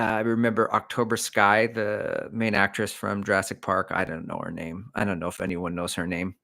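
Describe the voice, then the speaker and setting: A man's voice: lowish voice, creaky, pushed and bright. A middle-aged man and running coach, hosting a casual livestream and rambling through opinions and asides. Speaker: running coach and channel host.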